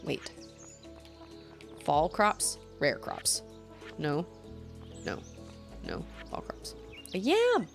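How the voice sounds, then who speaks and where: A woman's voice: low voice, huge pitch swings, drawn-out words, gravelly, long pauses, soft background music. A young adult woman streamer chatting casually while playing a game, thinking aloud and laughing easily. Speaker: gaming streamer. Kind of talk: casual chat while gaming.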